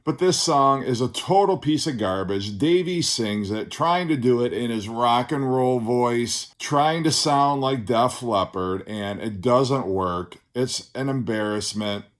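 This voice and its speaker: A man in the middle of the pitch range, casually reviewing a record. He is blunt and sarcastic and swears freely. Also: expressive, a little slow, few pauses.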